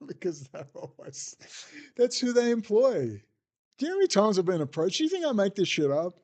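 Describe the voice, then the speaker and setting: An Australian man with a rather high voice holds forth in a rambling rant, swearing freely and dripping with sarcasm. He sounds exasperated and scornful as he runs down his targets. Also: very animated, normal speed, pauses often. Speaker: political commentator. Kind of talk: ranting monologue. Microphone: desk setup with bookshelf behind.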